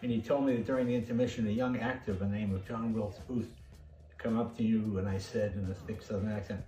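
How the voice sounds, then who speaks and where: A man's voice: lowish voice, darkish tone. A man sending a comic video birthday greeting, full of mock-serious tall tales. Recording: roomy, distant mic.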